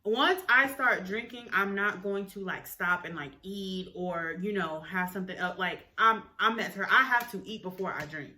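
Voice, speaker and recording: A woman co-hosting a casual podcast, bantering in a loud, blunt, joking way. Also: mid-range voice, moderate pace, hardly any pauses, distant mic. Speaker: podcast co-host. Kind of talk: casual chat.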